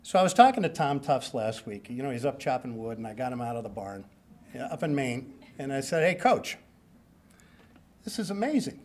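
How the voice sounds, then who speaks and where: A man's voice: mid-range voice, animated, fairly quick, darkish tone. Joking, rambling older man giving a speech. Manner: joking, self-deprecating, rambling. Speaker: hall of fame inductee giving a speech. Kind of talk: banquet acceptance speech.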